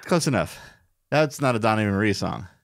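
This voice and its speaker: A man bantering over a board game, complaining with sarcastic jabs. His voice leaps around in pitch as he talks. The sound is close and dry, with no room echo. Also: expressive, normal speed, creaky. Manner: sarcastic, grumbling commentary. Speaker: board game show co-host. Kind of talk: casual play-through banter.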